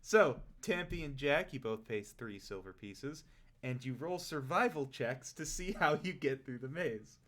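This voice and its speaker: A man's voice: mid-range voice, a little slow. Laid-back young man game master. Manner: relaxed, laughs often. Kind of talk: narrating a tabletop game.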